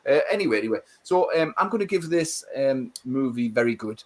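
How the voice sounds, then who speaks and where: Bloke chatting on a stream, gets fired up and swears a lot, voice jumps around. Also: male voice, mid-range voice, brisk. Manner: animated, swearing, rants with emphasis. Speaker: co-host. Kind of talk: casual livestream chat.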